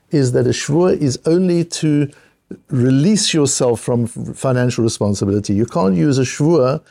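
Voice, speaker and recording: A man leads a Talmud class, walking through the text by acting out everyday disputes between people. His voice is gravelly and mellow, and he often stops and restarts his phrases as he explains. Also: medium pitch. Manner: explains with everyday examples and acted-out dialogue, frequent restarts. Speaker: Talmud teacher.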